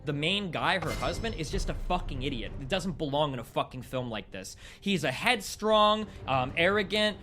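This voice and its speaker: A man's voice: fairly high pitch, lively intonation, normal speed, few pauses, over music. A young man streaming live, ranting heatedly about a film with plenty of profanity. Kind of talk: live stream movie rant.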